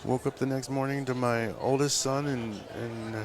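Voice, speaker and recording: At a tattoo convention, a tattoo artist gives a live podcast interview, telling a long story at a moderate pace in a steady, medium-pitched voice. His telling rambles and is full of fillers and profanity, with loud crowd chatter all around.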